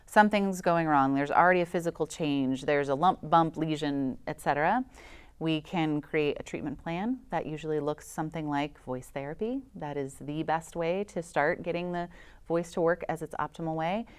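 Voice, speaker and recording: A woman's voice: low-pitched, moderate pace, clear, resonant tone. A woman who works as a voice specialist, giving enthusiastic explanations as a guest in an interview.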